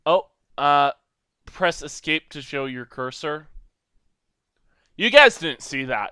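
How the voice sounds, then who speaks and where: A young man giving goofy, rambling solo commentary over a video game, now and then breaking into loud silly shouting. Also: on the high side, lively intonation, slow pace, long pauses, smooth, no echo, clean studio sound. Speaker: gameplay commentator. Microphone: desk microphone.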